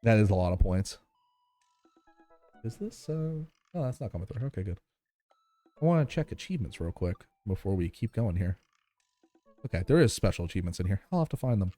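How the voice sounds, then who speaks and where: Mellow-voiced man streaming a game. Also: fairly low pitch, expressive, fairly quick, long pauses, faint music behind. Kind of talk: casual live-stream commentary and reading a game aloud.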